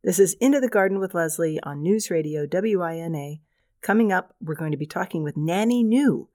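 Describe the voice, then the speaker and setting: A woman's voice: on the low side, lively intonation, brisk, warm tone, no echo. Older woman, radio gardening host, chatty, wry, dry close sound. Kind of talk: scripted radio segment.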